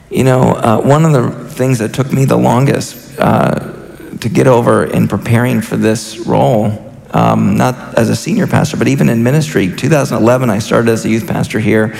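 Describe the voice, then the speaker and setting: Earnest gravelly-voiced pastor in reverberant hall. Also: male voice, medium pitch, fairly even intonation, moderate pace, darkish tone. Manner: earnest and impassioned, with many restarts. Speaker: senior pastor. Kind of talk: sermon. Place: church sanctuary. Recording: reverberant church hall with faint music.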